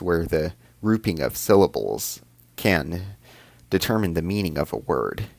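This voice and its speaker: A man giving a measured, scripted explanation as the host of an educational video, slowing down to spell out terms. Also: low-pitched, creaky, no room sound.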